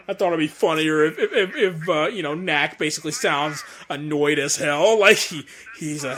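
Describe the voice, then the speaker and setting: A man's voice: a little high, normal speed, few pauses, pushed and bright. A man giving casual audio commentary on his own fan dub. He rambles, stammers over repeated words and laughs often between remarks.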